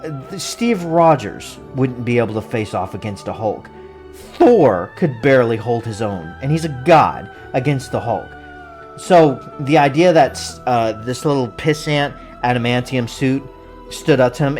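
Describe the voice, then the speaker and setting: Animated, incredulous movie reviewer. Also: mid-range voice, moderate pace, faint music behind. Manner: animated, incredulous, exasperated rants. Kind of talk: casual spoken film review.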